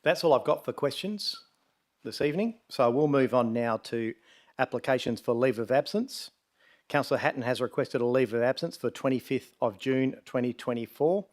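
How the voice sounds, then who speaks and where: Brisk man chairing a council meeting. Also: medium pitch, a little mellow. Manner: brisk, procedural. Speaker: presiding mayor chairing the meeting.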